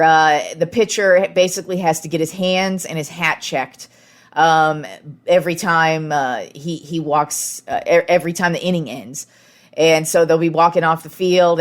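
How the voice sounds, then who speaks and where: A young woman hosting a casual sports podcast, talking frankly and with plenty of filler words. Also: low-pitched.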